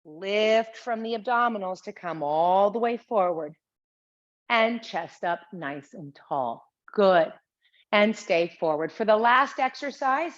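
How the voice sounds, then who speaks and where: A woman teaching a chair exercise class, calmly and steadily cueing each breath and movement. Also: mid-range voice. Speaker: Pilates instructor. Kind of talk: guided exercise class instruction. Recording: slightly dull lo-fi sound.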